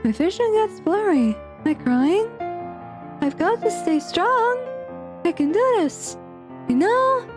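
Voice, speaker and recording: A woman voicing a despairing teenage girl from a visual novel, soft and slow, breaking into cries. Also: very high-pitched, very animated, over music, voice pushed up, heavily acted. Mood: sad, tearful. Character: despairing teenage girl, tearful and self-doubting. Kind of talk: reading a visual novel aloud.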